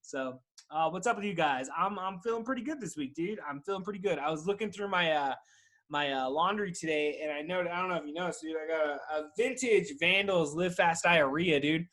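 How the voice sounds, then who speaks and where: A man's voice: a little high, a little fast, a bit bright. A young man hosting a podcast, rambling casually with lots of swearing and "dude". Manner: rambling, profane, says "dude" constantly. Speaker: podcast host. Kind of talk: casual chat.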